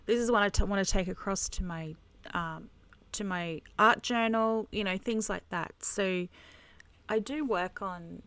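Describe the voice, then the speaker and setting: A woman teaching a devotional Bible lesson on camera while she colors, earnest and halting, with many restarts. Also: medium pitch, fairly bright tone, smooth. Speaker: conference speaker teaching Bible journaling.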